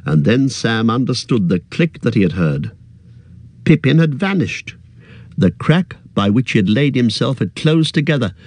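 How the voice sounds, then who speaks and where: A man's voice: on the low side, darkish tone, no room sound. Man narrating a story, dry close sound. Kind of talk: audiobook narration.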